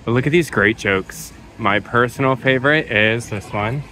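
A woman's voice: a bass voice, normal speed, pushed and bright, a little hiss or hum, rough recording. A woman vlogging a family day at an outdoor zoo, playfully teasing and chatting with her kids. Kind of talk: casual family vlog chat.

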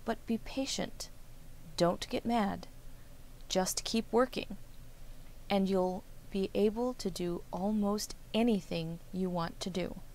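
A woman voicing a patient, kindly father in a children's story, speaking calmly and instructively. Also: medium pitch, slow pace, slight background noise, poor audio. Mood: gentle. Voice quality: calm, instructive. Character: patient, kindly father who prints a newspaper.

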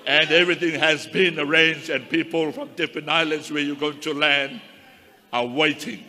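A minister gives a fervent testimony sermon, calling his congregation "saints." His voice is a little high, steady and pushed bright, at a moderate pace. The recording carries long hall reverb and a faint crowd.

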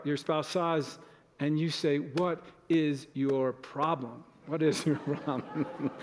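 A man's voice: fairly high pitch, darkish tone, long reverb tail. A male pastor giving a conversational sermon in a church, sometimes acting out short everyday exchanges. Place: church sanctuary.

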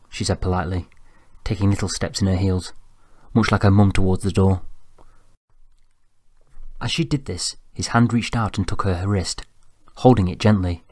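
A man reading an audiobook in an even, measured storytelling voice, close to the mic. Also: deep voice, breathy edge, no echo. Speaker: audiobook narrator. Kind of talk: scripted narration.

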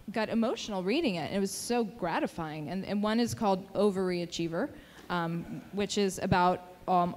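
A woman's voice: medium pitch, a little mellow. A woman in her forties, an author, telling stories at a live book event, self-deprecating and laughing often. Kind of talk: casual conversational storytelling. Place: bookstore event room. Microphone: handheld mic at a live event. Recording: live event audio with long reverb and audible noise.

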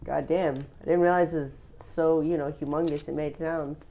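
A woman's voice: low-pitched, fairly even intonation, normal speed, noisy background. A woman streaming a video game, laughing and swearing as she complains to her friends. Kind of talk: casual gaming stream chat.

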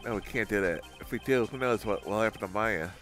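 A man's voice: fairly low pitch, brisk, fairly bright tone, soft background music, lightly acted. A man voicing a flustered young male defense lawyer in a video game, with exasperated questions. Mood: worried.

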